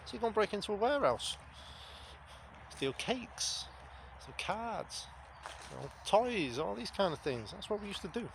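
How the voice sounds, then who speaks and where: A man's voice: high voice, noisy background. A man, talking to camera in a blunt, rambling, sweary monologue. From England. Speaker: vlogger. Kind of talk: casual spoken monologue.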